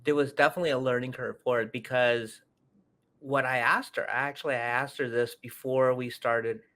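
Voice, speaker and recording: A man's voice: mid-range voice, normal speed. A middle-aged man hosting a podcast, telling a story casually and acting out the voices of the people he quotes. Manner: animated, acts out quoted voices. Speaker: podcast host.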